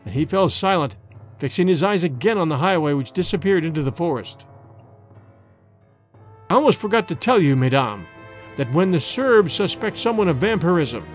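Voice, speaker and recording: A man narrating a classic ghost story in an expressive, old-fashioned storybook reading. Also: on the high side, moderate pace. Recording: dry close recording with faint music.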